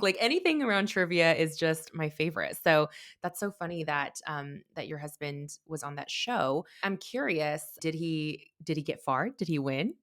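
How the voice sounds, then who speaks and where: Woman, podcast host, low voice, enthusiastic, effusive questions. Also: a bit bright. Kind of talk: interview hosting.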